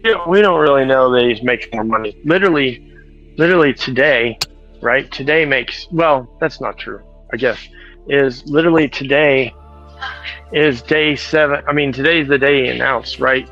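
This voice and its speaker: A man's voice: medium pitch, normal speed, a bit bright, soft background music. Casual male streamer, talks on the go in a store, self-correcting, slightly lo-fi phone audio. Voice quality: rambling, corrects himself often. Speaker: truck driver streamer. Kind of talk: casual chat while shopping. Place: large store.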